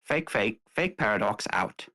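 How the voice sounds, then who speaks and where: A man's voice: on the low side, animated, unhurried, bright, forceful tone, low-quality recording. A man improvising a playful comic announcement, rambling through what he sees as he calls people into line. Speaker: guest.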